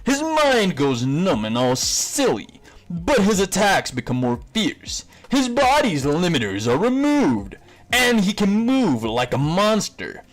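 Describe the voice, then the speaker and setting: A man voicing a loud, boastful male martial arts teacher with a theatrical, excitable delivery in a fan-made story. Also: high-pitched, slow pace, pitched above the performer's own voice, full character voice.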